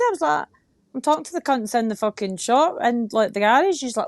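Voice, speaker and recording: A woman's voice: a little high, expressive, fairly quick, dry recording, clean studio sound. A middle-aged woman from Ayrshire with a Scottish accent, chatting bluntly on a live stream, swearing freely and laughing as she tells stories. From Scotland. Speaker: stream co-host. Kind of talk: casual chat. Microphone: online stream mic.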